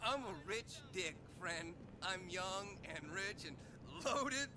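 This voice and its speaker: A man's voice: high-pitched, animated, takes it slowly, noisy background. A smug rich party boy. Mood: mocking. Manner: mocking, smug and slurred.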